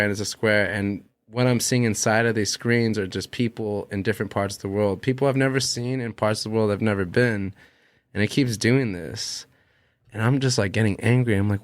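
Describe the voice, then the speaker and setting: A young man with a low, smooth voice, recorded dry and close. He tells a long story in a loose, rambling way, full of fillers and cursing. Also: dry recording. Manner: rambling, heavy on fillers and swearing. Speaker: musician guest. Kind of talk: casual storytelling.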